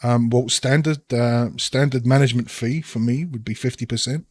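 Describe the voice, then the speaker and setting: A man voicing a jovial, well-liked male townsman who bargains hard for profit, by turns booming and conspiratorial. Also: fairly even intonation, normal speed, a little mellow, no echo, natural voice. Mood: bargaining. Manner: boisterous, then leaning in to bargain.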